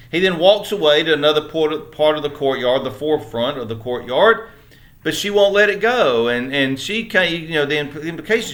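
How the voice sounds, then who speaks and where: A man's voice: a little high, a bit bright. A man with a Southern American accent teaching a church Bible lesson in an earnest, conversational way, often turning to his listeners with questions. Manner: earnest, conversational, with many restarts; asks listeners rhetorical questions.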